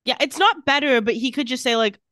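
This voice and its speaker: A woman's voice: sits high, brisk, bright, forceful tone, no room sound. Woman recapping a TV episode, dry sound. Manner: retells scenes, quoting characters' lines. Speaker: podcast co-host recapping a TV episode. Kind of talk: casual chat.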